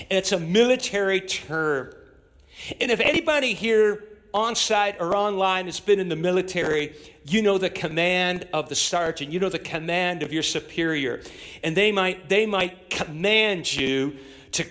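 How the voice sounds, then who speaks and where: Pastor, male, high voice, delivers a sermon that rises to emphatic, near-shouted calls. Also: normal speed. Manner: builds to emphatic, shouted exhortation. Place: church with in-person and online audience.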